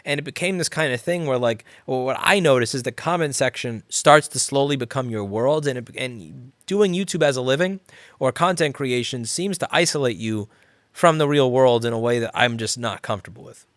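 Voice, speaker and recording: A man's voice: mid-range voice, animated, fairly quick, fairly bright tone. A man answers viewer questions on a casual livestream in a blunt, rambling way, swearing freely. His voice sits in an ordinary middle range. The sound is dry and close, with no room echo. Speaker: repair shop owner and channel host.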